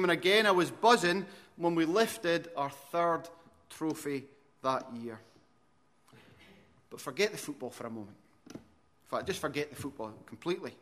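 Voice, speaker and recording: A man's voice: fairly high pitch, a bit bright. A man in his forties with an Aberdonian Scottish accent, preaching a sermon as pastor with earnest, repeated restarts. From Aberdeen, Scotland. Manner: earnest preacher, frequent restarts, rises in volume when telling stories.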